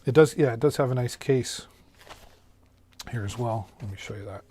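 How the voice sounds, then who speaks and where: A man's voice: medium pitch, moderate pace, mellow, slightly rough. Chatty man hosting a live-stream. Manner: chatty, folksy, many fillers and restarts. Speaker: live-stream host reviewing deals. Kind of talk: casual live-stream product pitch. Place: home streaming setup. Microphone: studio microphone on a mixer.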